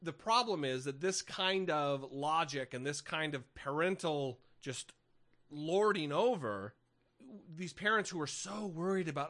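A man's voice: a little high, expressive, a little slow, sharp tone. A man co-hosting a comedy podcast, joking and rambling with frequent restarts in casual chat. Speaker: podcast co-host.

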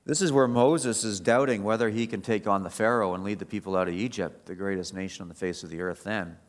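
A man giving a sermon as pastor, moving between quiet reflection and raised, emphatic preaching. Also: fairly low pitch, fast talker.

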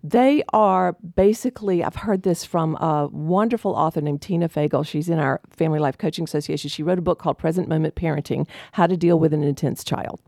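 A woman's voice: deep voice, a little fast, gravelly, few pauses, darkish tone, no room sound, clean studio sound. A woman family life coach giving parenting advice in a confident, emphatic way. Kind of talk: casual parenting advice chat.

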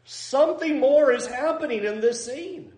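A man's voice: very high voice, unhurried, darkish tone, roomy sound. A man preaching a sermon in a conversational, self-deprecating way, acting out little asides. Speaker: pastor.

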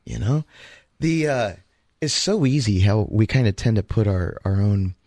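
A man co-hosting a radio talk show, telling a story in a casual, animated way and acting out the voices he quotes. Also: fairly low pitch, moderate pace, no room sound.

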